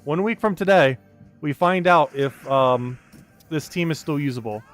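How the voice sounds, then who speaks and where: A man's voice: on the high side, a little slow, a bit bright, soft background music. A man streaming a game live, chatting casually, reading and greeting chat, and laughing often.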